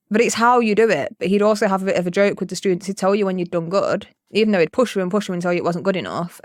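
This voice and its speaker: A podcast co-host chatting casually and telling stories with plenty of swearing and acted-out quotes. The voice sits at a middle pitch and sounds dry and close, with no room echo. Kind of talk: casual chat.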